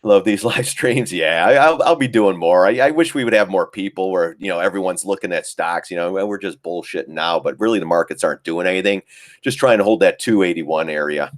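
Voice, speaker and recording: Hosting a laid-back market live stream, this middle-aged man talks a little fast in a low-sitting voice. The sound is clean studio audio with no room noise. He rambles, cracks jokes, swears offhandedly and laughs a lot.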